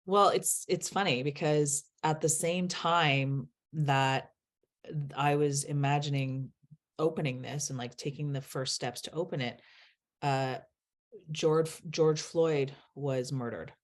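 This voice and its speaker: A woman's voice: low-pitched, fairly even intonation, slow pace. A middle-aged woman, a guest, speaking earnestly in a candid interview and laughing as she tells stories.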